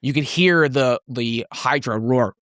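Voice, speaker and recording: A man's voice: medium pitch, a little slow, fairly bright tone, no room sound, studio quality. A man running a tabletop game as game master, describing scenes in a loose, rambling way.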